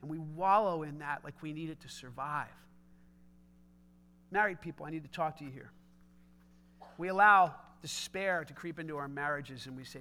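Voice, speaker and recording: Bright, emphatic middle-aged male pastor. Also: on the high side, moderate pace, long pauses, slight background noise. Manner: emphatic, conversational preaching with rising shouts. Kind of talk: sermon.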